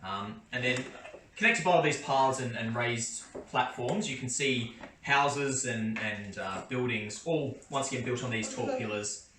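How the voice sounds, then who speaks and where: A man from Australia narrating a tabletop game as game master, descriptive and halting. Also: medium pitch. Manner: descriptive, full of fillers and restarts. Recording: roomy far-off mic with background noise.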